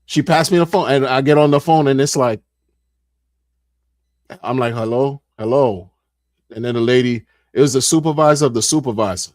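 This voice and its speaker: A middle-aged man, a streamer, telling a casual story in an animated way, repeating phrases and acting out what people said. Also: mid-range voice, brisk, long pauses, dry recording, studio quality.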